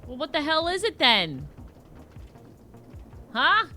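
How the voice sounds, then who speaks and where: Easygoing woman, higher voice. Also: huge pitch swings, slow pace, bright, forceful tone, faint music behind. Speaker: gaming livestream co-host. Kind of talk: casual chat while playing.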